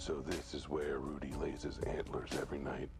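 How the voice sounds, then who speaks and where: A man's voice: very deep voice, level tone, a little fast, voice pushed down. A man voicing a broke male gambler's inner thoughts in whispered role-play. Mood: scheming. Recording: game music clearly underneath.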